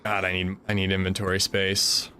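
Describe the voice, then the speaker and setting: A man casually commenting on his survival shooter game during a livestream, chatting with viewers and reacting out loud. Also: deep voice, monotone, normal speed, a little hiss or hum. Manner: chatty, reacts loudly, talks to chat. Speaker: streamer playing a survival shooter.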